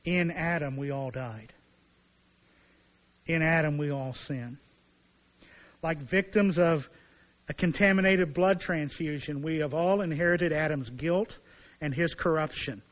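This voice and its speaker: A man preaches from the pulpit, his voice sitting a little high. He explains scripture in an animated way, slipping into character voices and personal asides. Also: measured pace, pauses often, muffled recording. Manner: animated preaching, acting out voices of biblical figures. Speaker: pastor. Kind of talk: sermon.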